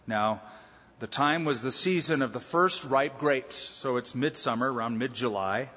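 A man from Southern California preaching an expository sermon with emphatic, drawn-out teaching delivery. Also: mid-range voice, a bit bright, slightly rough. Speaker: pastor. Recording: dull lo-fi sound with long hall reverb.

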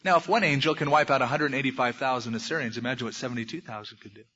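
A man's voice: medium pitch, very fast, pushed and bright, breathy edge, muffled recording. A man preaching a sermon, telling a scripture story in a folksy way with humorous asides. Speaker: pastor.

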